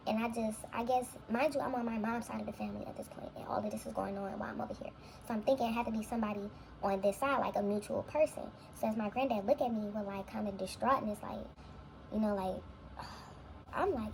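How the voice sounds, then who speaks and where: A woman's voice: a little high, steady tone, quick pace, vocal fry, darkish tone, slight background noise, rough recording. A young woman, a vlogger, telling a long personal story in a casual, rambling, reflective way full of fillers. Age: young adult.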